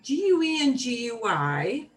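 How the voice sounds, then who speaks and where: An American woman teaching a beginners' Spanish class, slowly modeling each word for her students to repeat. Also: on the high side, very animated. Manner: slow, clear modeling of words for repetition. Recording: room mic from a distance, faint noise.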